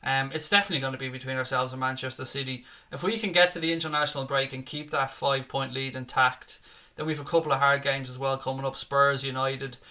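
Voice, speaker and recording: A man's voice: medium pitch, steady tone, fast talker, sharp tone. A man hosting a live football watchalong, chatting casually and reading out viewer comments with a matey, joking manner. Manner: chatty, matey, jokey, says "mate" often.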